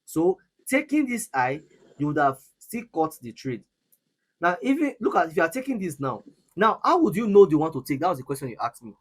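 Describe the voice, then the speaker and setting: A Nigerian man in his younger years leads a live trading lesson. His voice is husky and sits a little high, and he drives his points home by repeating phrases and restarting sentences. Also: sing-song, fairly quick. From Nigeria, Edo State. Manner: repetitive, emphatic, restarts often. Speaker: forex trading mentor. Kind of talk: live trading session teaching.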